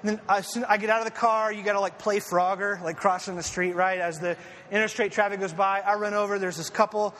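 A man preaching a conversational sermon, an animated, self-deprecating storyteller who leans on fillers and asides. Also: high voice, a little fast. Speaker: pastor. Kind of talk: conversational sermon with personal stories. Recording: echoey hall with faint ambient noise.

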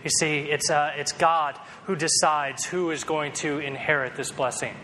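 A man's voice: a little high, steady tone, normal speed, pushed and bright, big-room sound, slight background noise, rough recording. A man preaching a sermon in a conversational, storytelling way, with self-deprecating humor. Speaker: pastor.

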